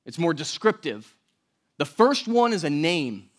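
A man preaching a verse-by-verse sermon in a conversational way, with joking asides and big swings between loud and quiet. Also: fairly high pitch, big pitch swings, a little slow. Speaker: pastor.

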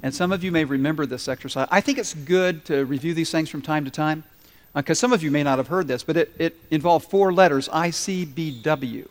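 A male pastor preaching a sermon to his congregation in an animated, playful way, acting out little asides. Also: fairly high pitch, a little fast. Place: large church hall. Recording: reverberant church hall. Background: congregation responding.

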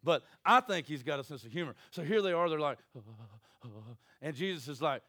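A man's voice: on the high side, lively intonation, normal speed, pushed and bright, husky, no room sound, clean studio sound. A man preaching a sermon, folksy and joking, acting out Bible scenes in little voices. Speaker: pastor.

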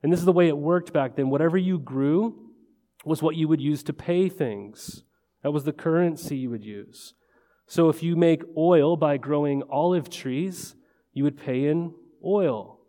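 A man's voice: fairly high pitch, a little slow, dark tone. A male pastor preaching a conversational sermon, often tossing rhetorical questions and "right?" to the congregation. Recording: long reverb of a large hall.

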